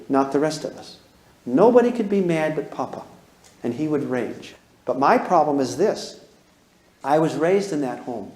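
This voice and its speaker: A man in his eighties lectures on parenting in a folksy, storytelling way, often turning to ask his listeners questions. His voice sits a little higher than most men's. The room around him is echoey. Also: a little mellow. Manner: plain-spoken, asks the audience questions. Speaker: parenting course teacher.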